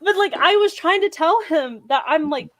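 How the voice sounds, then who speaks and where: A young man with an American accent, a podcast guest telling a convention story with rambling, excited energy and lots of fillers. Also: extremely high pitch, normal speed, dry recording. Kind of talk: excited casual chat.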